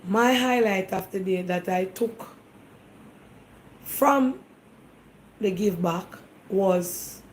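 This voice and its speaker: Speaking very slowly with many pauses, this Jamaican-accented host uses a mid-range voice on a rough recording marked by a little hiss or hum. She addresses her casual talk show's viewers directly, defensive and emphatic, bombarding them with rhetorical questions.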